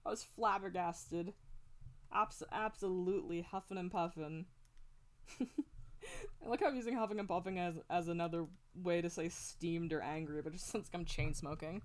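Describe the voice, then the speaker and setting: This woman streamer's voice is on the low side, and she speaks at a moderate pace into a close desk mic at home. While drawing, she rambles in casual chat, swearing heavily and laughing frequently.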